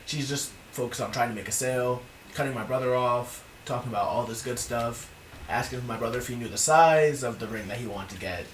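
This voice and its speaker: A young man telling a casual, profane story in an animated storytime vlog, recorded indoors. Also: medium pitch, brisk, a little hiss or hum. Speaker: vlogger. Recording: roomy, distant from the mic.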